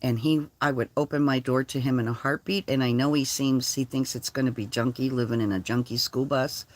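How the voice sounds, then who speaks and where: A woman's voice: a bass voice, fairly quick, no room sound. An older woman talking casually on her vlog, blunt and profane, telling stories with lots of energy. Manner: blunt, profane, animated storytelling. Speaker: vlogger. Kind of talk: casual chat. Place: lives in a converted school bus.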